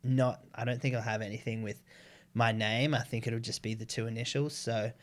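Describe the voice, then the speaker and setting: A man chatting on a podcast. He tells stories with lots of swearing and slips into the voices of the people he describes. His voice sits at an ordinary middle pitch. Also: fairly quick. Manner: animated storyteller, swears freely, acts out quoted voices. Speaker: podcast guest. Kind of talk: casual chat.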